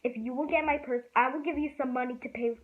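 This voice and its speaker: A woman's voice: sits high, fairly even intonation, fast talker, lightly acted. A firm mother of two girls, voiced by a woman reading a storybook, who scolds evenly in a slightly raised voice. The thin, phone-like recording takes the body out of it. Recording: tinny phone-like sound.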